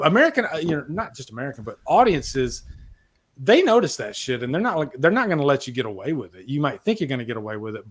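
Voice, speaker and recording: A man hosts a casual livestream chat, his voice sitting a little high. He talks excitedly, swears freely, and reads out comments from his viewers. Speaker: livestream host.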